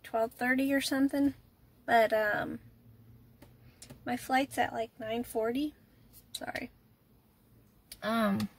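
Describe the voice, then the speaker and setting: A woman's voice: a little high, breathy edge. A woman, chatting casually and rambling a bit as she vlogs her day to the camera. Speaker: vlogger.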